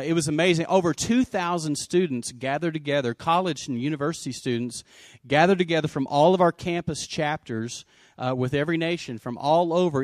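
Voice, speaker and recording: Lively joking pastor, bouncy higher voice. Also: male voice, no room sound, studio quality. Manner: energetic, joking, shouts out to the congregation. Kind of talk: sermon.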